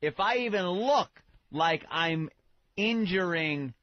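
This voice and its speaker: A man's voice: high voice, lively intonation, slow pace, dull audio. A man chatting casually as a radio co-host, conversational and easygoing.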